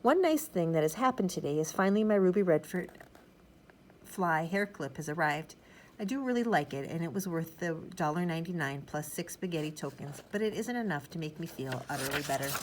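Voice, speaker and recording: Woman reading a kids chapter book, chatty and rambly, lowish voice. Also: animated, brisk, a little hiss or hum, rough recording. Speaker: audiobook narrator. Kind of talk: first-person storybook narration.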